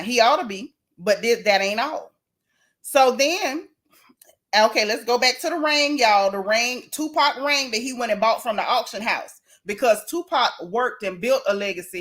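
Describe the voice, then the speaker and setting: A middle-aged woman vlogger chatting to her viewers in a lively, exclaiming way. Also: a little high. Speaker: gossip vlogger. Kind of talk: casual commentary to viewers.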